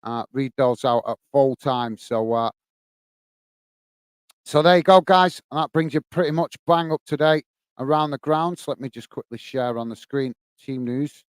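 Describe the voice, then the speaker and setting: A man hosting a live football stream, commentating on play and chatting warmly with viewers, with frequent fillers and "mate"s. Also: mid-range voice, moderate pace, smooth, dry recording. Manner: chatty, greets viewers by name, many fillers. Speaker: host of a fan live stream.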